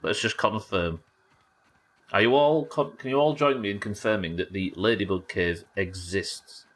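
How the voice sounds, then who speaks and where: A man's voice: on the low side, normal speed, a bit bright. An English man casually commentating a live game stream, wry and sweary, bantering with his viewers as he plays. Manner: wry, sweary, chatting to viewers while playing.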